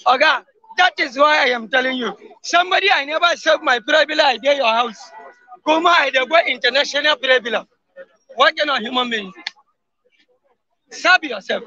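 Speaking emphatic Pidgin English in a street interview, a Nigerian-accented man peppers his talk with frequent oaths of "wallahi." His very high, pushed and bright voice moves at a normal speed. There's no room sound, and the highs are cut off.

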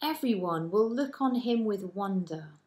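A woman voicing the angel Gabriel, calm and comforting, in a children's Bible story. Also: medium pitch, a little slow, close to an everyday voice. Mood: reassuring. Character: gentle reassuring angel Gabriel.

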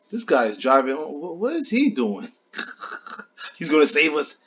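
A man playing a video game with his young child, giving casual, excitable commentary, laughing often and cheering on other players. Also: on the high side, takes it slowly, pauses often, lo-fi sound.

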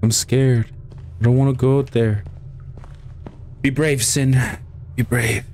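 A man's voice: mid-range voice, fairly even intonation, takes it slowly, a little mellow, slight background noise. A man commentating a horror game as he plays, swearing often and shrieking when he gets startled. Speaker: let's play gamer.

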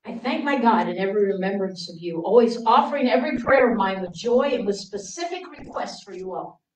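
A woman's voice: medium pitch, lively intonation, fairly quick. Woman preaching in a roomy space. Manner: acts out her younger self in a raised, pleading voice; drops to a soft, hushed voice for quiet moments. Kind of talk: sermon with personal storytelling. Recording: roomy sound from a distant mic.

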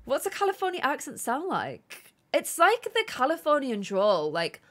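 Animated woman streaming games. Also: high-pitched, moderate pace. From England. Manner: chatty, animated, reads chat aloud. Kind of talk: live gameplay stream chat.

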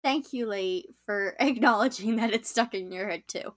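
A young woman chatting casually to viewers as she plays a game on a live stream, easily excited. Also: medium pitch, moderate pace.

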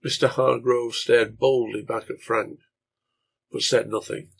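A man narrating a translated serial novel in a measured storytelling reading. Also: medium pitch, flat delivery, vocal fry, husky.

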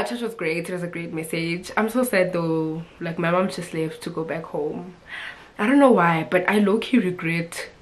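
A woman's voice: lowish voice, fairly bright tone. A young woman from Africa, chatting casually and expressively to camera with frequent laughs and fillers. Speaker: vlogger.

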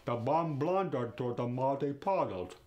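A man putting on a heavy Russian accent, repeating words and phrases slowly and deliberately. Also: mid-range voice, expressive, dull audio, lightly acted. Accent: put-on Russian accent. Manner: slow, deliberate, clipped repetition of words.

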